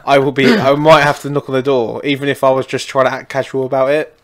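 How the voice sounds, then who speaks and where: A man's voice: mid-range voice, little pitch movement, fast talker, a bit bright. Rambling, sweary man. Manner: sweary, rambling, lots of fillers. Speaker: podcast co-host. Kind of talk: casual advice chat.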